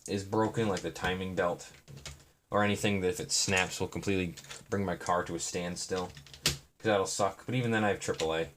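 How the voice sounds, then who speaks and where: A man's voice: deep voice, steady tone, brisk. A young man chatting in a meandering, self-deprecating way on a live stream while he builds. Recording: noisy, with keyboard and brick clicks.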